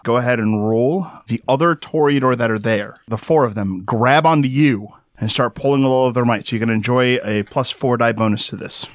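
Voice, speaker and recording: A man narrating as game master of a tabletop horror game, slow and deliberate as he sets each scene. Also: mid-range voice, no room sound, clean studio sound.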